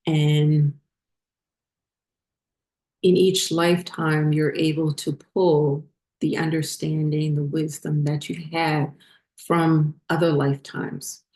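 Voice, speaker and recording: A woman hosting a spiritual vlog, talking unhurriedly with many fillers as she glances at her notes, her voice getting hoarse. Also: sits low, flat delivery, slow, long pauses, darkish tone. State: losing her voice. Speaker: spiritual channel host.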